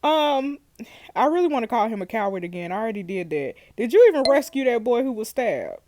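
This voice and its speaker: A woman playing a story game and reacting out loud to viewers, loud and animated, laughing often. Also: fairly high pitch, brisk, slight background noise. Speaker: gaming video host.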